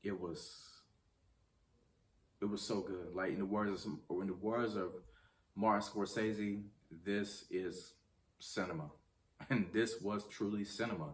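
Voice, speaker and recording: Speaking a little slowly with long pauses and fairly even intonation, a man with a lowish voice hosts his film review vlog, captured on a distant mic. He chats casually and directly to viewers, rambling and full of ums and restarts.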